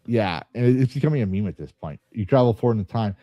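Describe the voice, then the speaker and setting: A man's voice: lowish voice, animated, fast talker, dark tone, no echo. A man hosting a podcast in casual chat, rambling and joking, often stopping to restart his sentences. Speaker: podcast host. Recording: slightly dull, dry sound.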